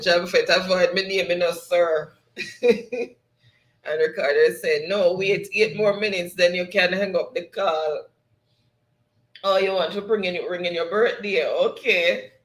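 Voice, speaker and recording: Wrapping up his stream casually, a livestream host with a voice that sits high for a man reads out viewer comments, laughing frequently and drifting into patois, while the sound echoes through the room.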